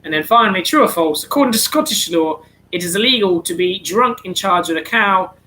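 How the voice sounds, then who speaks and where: Bright high-voiced man hosting. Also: expressive, a little fast, slight background noise, poor audio. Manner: chatty, slightly flustered, self-correcting. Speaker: quiz host. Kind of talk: online charity quiz, reading answers.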